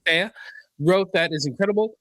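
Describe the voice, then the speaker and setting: A man's voice: high-pitched, fast, a bit bright, dry recording. A man co-hosting a geek culture podcast, chatting casually and reading news items aloud. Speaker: podcast co-host. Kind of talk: casual chat.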